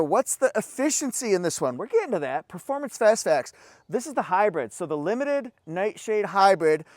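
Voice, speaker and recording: A man's voice: high-pitched, no room sound, clean studio sound. A man giving an enthusiastic, chatty car walkaround review outdoors, breaking into little exclamations.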